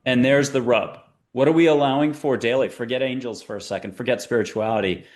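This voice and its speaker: Chatty, playful man in interview. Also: medium pitch. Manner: chatty and playful, with quick tangents. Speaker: guest, spiritual teacher. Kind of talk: conversational interview talk.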